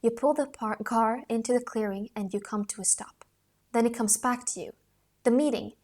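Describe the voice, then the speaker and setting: A woman reading a book on acting aloud in an earnest, instructional way, sometimes dropping to a hush. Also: fairly high pitch, normal speed. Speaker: audiobook reader.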